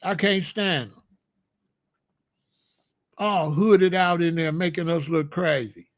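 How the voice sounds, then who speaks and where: Man, high voice, dry close sound, blunt and scolding commentator delivering an opinion monologue. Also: takes it slowly, no echo. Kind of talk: opinionated monologue to a live chat.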